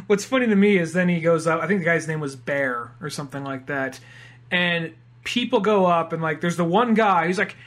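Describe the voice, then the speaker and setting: A man's voice: on the high side, lively intonation, brisk, fairly bright tone. A young man co-hosting a podcast in casual chat, joking enthusiastically. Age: young adult. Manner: enthusiastic, joking, acts out voices. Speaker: podcast co-host.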